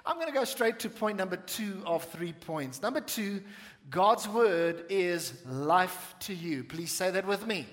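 A man preaching a sermon to a church congregation, with playful asides and slowed-down emphasis on key lines. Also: sits high, lively intonation, fairly bright tone, big-room sound. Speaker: pastor. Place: church sanctuary.

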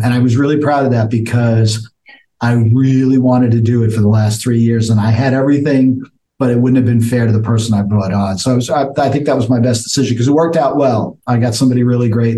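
A man's voice: mid-range voice, mellow. An older man, co-hosting a coaching chat, reflective and restarting his sentences. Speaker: co-host. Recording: echoey room.

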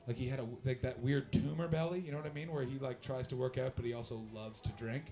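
Here a young Canadian man is doing stand-up, chatting with the audience and spinning loose, profane yarns with plenty of animation. He speaks fast, at a medium pitch.

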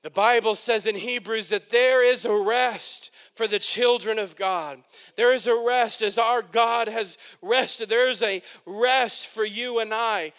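Man, pastor, high bright voice, slow drawn-out sermon, fervent, repeats phrases, shouted peaks. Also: smooth. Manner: fervent, repetitive preaching with shouted peaks and excited whoops.

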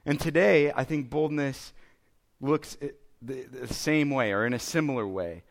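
Pastor, man, 30s; casual conversational sermon delivery, average pitch. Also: a little slow, gravelly. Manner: conversational, self-deprecating preaching with frequent "okay?" and "right?".

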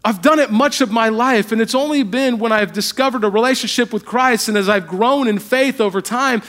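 A high-voiced man preaching in a church. He tells self-mocking stories with lively humor, dropping to a near whisper for earnest points and rising loud for the jokes. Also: fairly quick. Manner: animated, humorous storytelling, swinging from hushed to loud. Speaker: pastor. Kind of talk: sermon.

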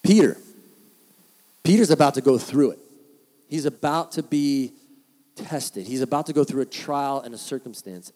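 A man preaching a sermon as the pastor, telling stories in an animated way and acting out the voices of people he quotes. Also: medium pitch, normal speed.

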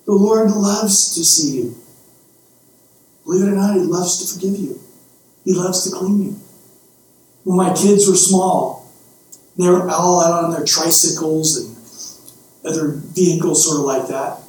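A middle-aged male preacher tells an animated storytelling sermon, stammering and repeating words in a high voice. He is picked up from a distant mic in a very echoey room, with a faint hiss behind. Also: a little slow, pauses often.

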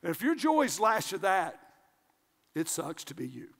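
An older man preaching a sermon as pastor, energetic and animated, jumping between loud shouts and hushed asides. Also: sits high, moderate pace, gravelly. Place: large church sanctuary. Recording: long hall reverb.

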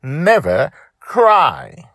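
A man's voice: a little high, wildly swooping pitch, a little slow, no echo, studio quality, voice pushed up, full character voice. A man voicing a small, stubborn dragon girl who talks in an insistent, childlike way.

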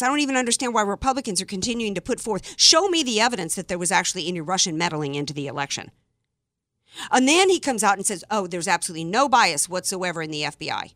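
A woman hosting a talk radio show, delivering an emphatic, indignant opinion monologue with sarcastic asides and quick restarts when she gets fired up. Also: medium pitch, fairly bright tone, no room sound.

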